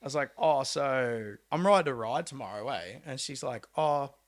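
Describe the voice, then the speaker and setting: A young Australian man, a pro mountain biker, telling a story in a casual, animated way, acting out quotes with laid-back slang and swearing. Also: mid-range voice, moderate pace. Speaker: podcast guest, pro mountain bike rider.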